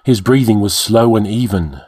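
A man narrating a dark fantasy story in a measured, dramatic reading. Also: lowish voice, breathy edge, dry recording. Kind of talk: audiobook narration.

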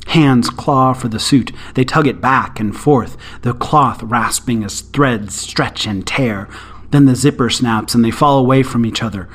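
A man narrating a short story aloud in a calm, even storytelling manner. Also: mid-range voice.

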